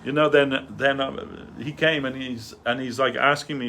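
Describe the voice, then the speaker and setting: A man's voice: medium pitch, fairly even intonation, normal speed, bright, forceful tone, slight background noise. A man telling a rambling, chatty anecdote during a devotional talk in a temple hall, laughing at his own story. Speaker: speaker giving a devotional talk.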